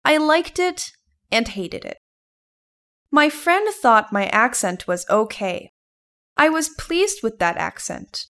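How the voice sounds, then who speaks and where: A woman from Thailand, a native Thai speaker, telling a personal story to her viewers in English. Her accent mixes Thai with British and American sounds, and she speaks in an earnest, gently encouraging way. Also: fairly high pitch, very animated, slow. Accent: Thai mixed with British and American. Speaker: vlogger. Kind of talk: personal story told to camera.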